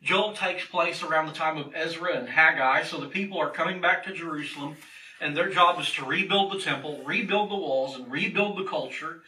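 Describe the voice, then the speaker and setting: A man's voice: on the high side, brisk, pushed and bright, roomy sound, far from the mic, low-quality recording. A man preaching a sermon from a church pulpit, earnest and driving his points home by repeating key phrases. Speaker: pastor.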